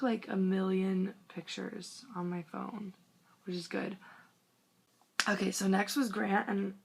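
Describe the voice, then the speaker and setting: A young woman with a medium-pitched, breathy voice and some vocal fry vlogs into her phone. She tells an excited, casual story to the camera, gushing and rambling, peppering it with "like" and now and then dropping to a whisper.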